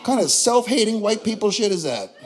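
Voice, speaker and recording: A man's voice: high voice, very animated, fairly quick, background noise. A young man with a Tulare, California accent performing a profane, brash stand-up comedy set. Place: comedy club.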